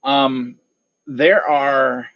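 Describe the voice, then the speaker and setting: Brief: male game master, slow and halting, describing scenes, dull dry lo-fi recording. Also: mid-range voice, level tone, dry recording. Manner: hesitant, many fillers and restarts. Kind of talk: narrating a tabletop game.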